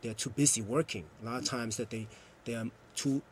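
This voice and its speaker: A man's voice: medium pitch, steady tone, fairly quick, slight background noise. A man, a youth program coordinator, earnestly explaining at length in a TV interview. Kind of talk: TV interview answer.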